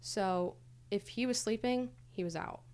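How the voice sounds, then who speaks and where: Speaking as a podcast guest, a young adult woman shares her history candidly, hesitant and casual with many fillers. Her pitch is medium, her delivery unhurried and a little mellow.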